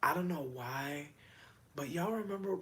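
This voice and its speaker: In a middle-range voice, a livestreamer chats informally with his audience, wandering from topic to topic. Expect profanity, heavy slang, quick asides, and sudden excitement.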